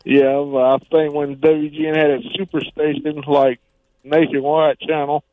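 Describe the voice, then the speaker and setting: A man's voice: a little high, little pitch movement, normal speed, dry recording. A man calling in to a radio show, chatting casually and dropping in "like". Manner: chatty, drops in "like". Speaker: caller. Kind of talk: casual call-in chat. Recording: tinny phone line.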